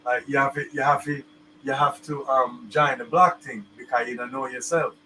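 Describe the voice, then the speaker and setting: A man's voice: medium pitch, steady tone, moderate pace, bright, forceful tone, slight background noise. Man in a distant clip. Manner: patois phrasing, repeats himself. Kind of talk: casual explanation.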